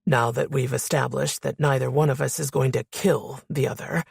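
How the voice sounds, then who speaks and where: A woman voicing a calm, menacing man in an audiobook, speaking in a low, smooth, taunting way. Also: normal speed, no echo, studio quality, exaggerated voice. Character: deep-voiced menacing man, calm and mocking. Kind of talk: audiobook character voice.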